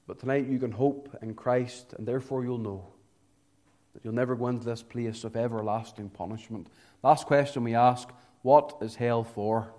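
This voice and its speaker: A man preaching an evangelistic sermon, swinging between hushed, low passages and loud, emphatic climaxes, drawing out key words. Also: steady tone, moderate pace.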